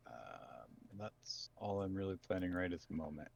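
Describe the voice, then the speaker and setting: A man playing a tabletop game who plans his turn hesitantly, with many ums and pauses. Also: low voice, animated, vocal fry, dull audio, slight background noise. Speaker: player. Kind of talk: casual tabletop game play.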